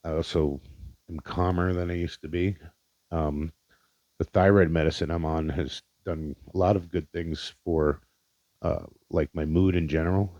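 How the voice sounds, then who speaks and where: Man, solo podcast host, low voice, dull lo-fi sound. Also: steady tone, moderate pace, darkish tone, no echo. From Indiana, Pennsylvania, USA. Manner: rambling, profane, sincere, with many fillers. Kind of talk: casual solo podcast monologue. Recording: dull lo-fi dry recording.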